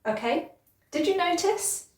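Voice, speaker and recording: A British woman teaching English pronunciation, speaking slowly and clearly and drawing out example words in an encouraging way. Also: very high-pitched, lively intonation, roomy sound, recorded from a distance. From Britain. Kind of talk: pronunciation lesson.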